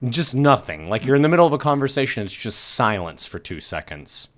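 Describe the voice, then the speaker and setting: Regular-pitched guy hyped telling his game fight story, laughs a lot. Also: sing-song, a little fast. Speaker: podcast co-host. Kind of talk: casual chat about a video game.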